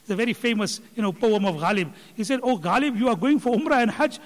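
A man's voice: high voice, lively intonation, quick pace. A man giving a sermon, retelling a scholar's words with emphatic repetition. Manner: emphatic, repetitive counting for effect. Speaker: Islamic speaker. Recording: long hall reverb.

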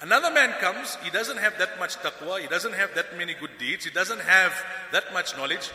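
Preacher guy, high bright voice, animated storytelling, big echoey hall. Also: normal speed. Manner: animated storytelling, acts out quoted speakers. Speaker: Islamic preacher. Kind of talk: sermon. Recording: echoey hall with long reverb.

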